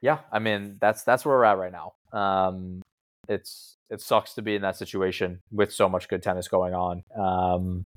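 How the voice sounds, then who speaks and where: A man's voice: low voice, fairly even intonation, moderate pace. A young adult man co-hosting a podcast in casual chat, joking sarcastically and laughing often. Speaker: podcast co-host.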